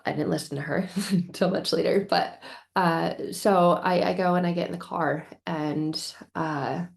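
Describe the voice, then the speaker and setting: A woman speaks in a lowish voice with a gravelly edge. She recounts a painful personal story for her vlog, candid and emotional, often restarting her sentences as she goes. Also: fairly even intonation, measured pace. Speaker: vlogger sharing a personal story.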